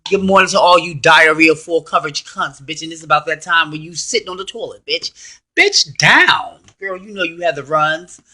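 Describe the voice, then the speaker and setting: Brash, profane diva woman, put on by a man, high and sharp-toned, trash-talking with attitude. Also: expressive, moderate pace, exaggerated voice. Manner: loud, profane, sassy trash talk. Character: brash foul-mouthed sassy diva woman. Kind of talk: self-interview persona rant.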